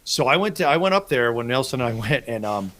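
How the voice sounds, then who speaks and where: A man's voice: medium pitch, animated, quick pace, a bit bright. A man hosting a casual fishing podcast, telling rambling, profane stories about his trips. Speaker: podcast host.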